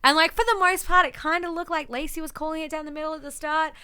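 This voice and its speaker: A young woman co-hosting a podcast in casual chat, animated and chatty, with lots of filler words and casual swearing. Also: high voice, quick pace. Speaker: podcast co-host.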